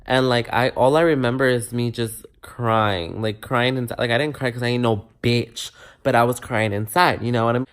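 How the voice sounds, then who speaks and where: Young male vlogger, mid-pitched voice, animated and profane storytelling, slips in Spanish words. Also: moderate pace, clear, resonant tone. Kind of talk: casual storytime to camera.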